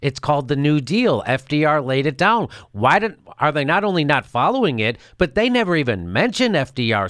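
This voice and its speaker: Sarcastic high-voiced man ranting. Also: big pitch swings, moderate pace, fairly bright tone, dry recording, studio quality. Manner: sarcastic, mocking, laughs often. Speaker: political commentary show host. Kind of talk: ranting political commentary.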